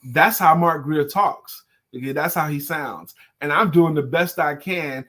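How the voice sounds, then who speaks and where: A man's voice: on the high side, unhurried. A man co-hosting a live talk show, chatting casually and joking in colloquial speech. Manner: lively, animated, colloquial, joking. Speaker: co-host and sales coach.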